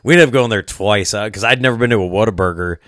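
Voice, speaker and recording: A man's voice: on the low side, fast, fairly bright tone, no room sound, clean studio sound. Laid-back Midwestern man hosting a podcast. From American Midwest. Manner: laid-back, swears freely, laughs often. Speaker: podcast host. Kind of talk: casual chat.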